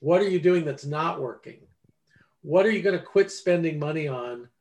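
At normal speed and with a voice on the high side, this interviewee over forty, who writes books and ghostwrites, chats casually. His storytelling is animated, with quoted exchanges acted out.

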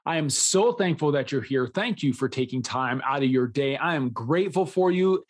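A man's voice: medium pitch, expressive, moderate pace. A man in his thirties hosting a solo podcast, talking in an earnest, enthusiastic way, often smiling as he speaks. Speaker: podcast host.

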